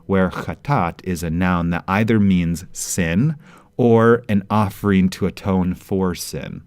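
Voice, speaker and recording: A man explains grammar in a measured, deliberate way, pausing over each example he reads. His voice sits very low and his pace is unhurried. The recording is dry, with no room sound. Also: darkish tone, clear, resonant tone, dry recording. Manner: measured, explanatory, reads out Hebrew verses slowly. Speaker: teacher. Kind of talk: grammar lesson narration.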